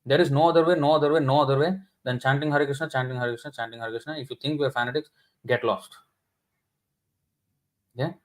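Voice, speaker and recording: A man's voice: mid-range voice, fairly even intonation, fast, pauses often, low-quality recording. A man giving a sermon in an indignant, scolding, emphatic manner. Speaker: scripture class speaker.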